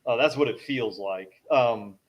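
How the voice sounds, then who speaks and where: A man's voice: mid-range voice, a little slow, lo-fi sound. A man chatting casually on a live show, joking and laughing between remarks. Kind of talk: casual chat.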